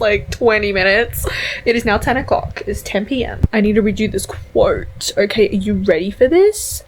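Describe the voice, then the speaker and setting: Excitable young woman vlogging to camera. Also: medium pitch, normal speed, a little hiss or hum, rough recording. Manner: gushing, excitable, swears casually. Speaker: book vlogger. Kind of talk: casual reading vlog to camera. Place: at home indoors. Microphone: camera mic.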